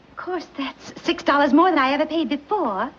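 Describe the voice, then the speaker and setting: A woman's voice: sits high, a little fast, natural voice. An actress playing a refined, fussy society mother with a genteel, fluttery way of speaking, in 1940s film acting. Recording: dull old film soundtrack, faint hiss.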